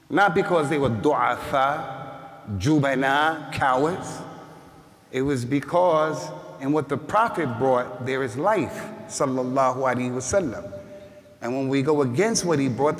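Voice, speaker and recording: Impassioned imam preaching in a reverberant hall. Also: male voice, on the high side. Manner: impassioned, rising to shouts, quotes Arabic scripture. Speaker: imam giving a Friday sermon. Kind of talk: sermon. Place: mosque prayer hall.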